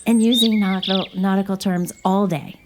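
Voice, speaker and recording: A woman's voice: mid-range voice, fairly even intonation, moderate pace, very noisy. A woman hosting a podcast in casual chat, chatty and playful, laughing often. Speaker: podcast host.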